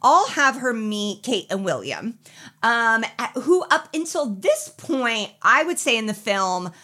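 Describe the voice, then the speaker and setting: Bright, animated woman co-host. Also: on the high side, a little slow. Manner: chatty, recapping a film. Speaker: podcast co-host. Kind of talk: casual chat.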